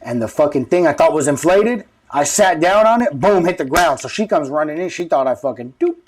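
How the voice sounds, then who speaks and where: Fast-talking, slangy man. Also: on the high side, lively intonation, far from the mic. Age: 30s. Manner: profane, slangy, rambling. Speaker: guest. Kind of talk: casual street-talk storytelling.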